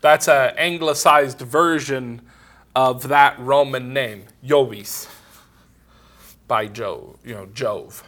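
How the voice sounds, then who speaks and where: A man's voice: medium pitch, slow, fairly bright tone. A man giving a casual theology lecture, wandering into asides and often saying "you know".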